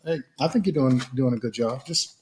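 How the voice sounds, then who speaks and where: A man co-hosting a casual marriage podcast, talking in an animated, slangy way, repeating words and acting out quotes. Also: mid-range voice, a little fast, a little hiss or hum. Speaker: podcast co-host. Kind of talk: casual chat.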